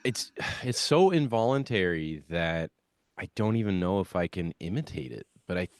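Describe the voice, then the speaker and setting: A man's voice: low-pitched, expressive, normal speed, no echo, studio quality. A man, a band musician, chatting as a podcast guest and telling rambling stories in a self-conscious way. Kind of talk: casual interview chat.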